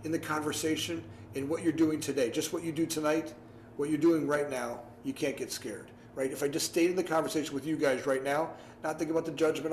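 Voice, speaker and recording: A man giving casual advice to a class over a video call, animated and repetitive, often acting out his own past thoughts. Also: fairly high pitch, brisk. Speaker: guest speaker. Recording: echoey room, faint noise.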